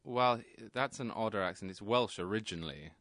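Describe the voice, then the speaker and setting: An English man co-hosting a radio talk show, explaining things in a dry, measured way. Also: lowish voice, a bit bright, no echo. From England. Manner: dry, measured explainer, mimics regional accents. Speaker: guest co-host.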